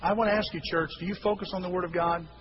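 Animated high-voiced pastor preaching. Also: male voice, racing. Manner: animated storytelling, acting out voices with shouts. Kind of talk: sermon. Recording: dull lo-fi recording with hiss.

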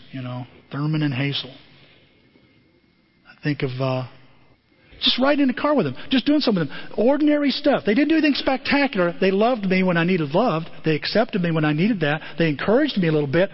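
A man giving a lively motivational talk to a group, calling on listeners by name. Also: high-pitched, breathy edge, dull audio. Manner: animated, addresses listeners by name.

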